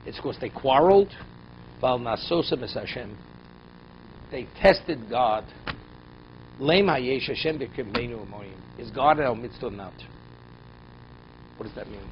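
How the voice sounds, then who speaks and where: A man's voice: mid-range voice, a little slow, pauses often. A man teaching a Torah class as a rabbi, who reads verses and explains them in English with pointed rhetorical questions. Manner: voice rises and drops sharply for emphasis. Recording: dull lo-fi recording, faint noise.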